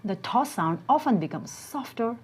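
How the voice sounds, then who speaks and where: A woman reading a scripted English lesson, slowing down to model word pronunciations. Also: fairly high pitch, animated, breathy edge. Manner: slow, deliberate pronunciation drills. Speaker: English teacher.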